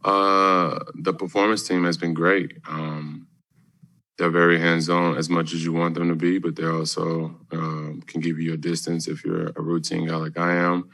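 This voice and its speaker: Man, very deep, flat and gravelly voice, unhurried, filler-heavy press answers. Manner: laid-back, halting, many fillers. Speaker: basketball player at press conference.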